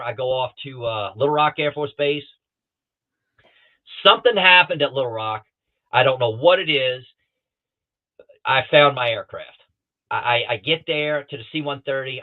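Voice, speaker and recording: Middle-aged man telling stories over a thin, phone-like line. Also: medium pitch. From Southeastern United States. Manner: lively storyteller who acts out other people's lines. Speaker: guest pilot. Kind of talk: storytelling in a podcast interview. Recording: thin phone-like remote call audio.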